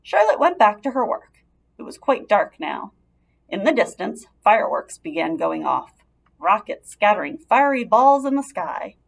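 Woman, storybook narration, lively pitch, gravelly edge. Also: moderate pace. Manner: steady, expressive narration. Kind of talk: storybook reading aloud.

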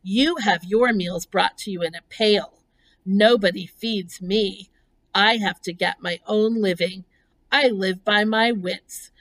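A woman voicing a clever female spider with a thin, pleasant voice and a brisk, matter-of-fact manner. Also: mid-range voice, fairly bright tone, rough recording.

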